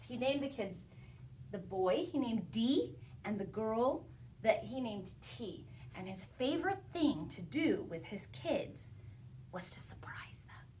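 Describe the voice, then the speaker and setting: A woman telling a playful phonics story and lesson to young children in an animated, sing-song teacher voice. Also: mid-range voice, far from the mic. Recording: roomy sound from a bit off the mic, faint background hiss.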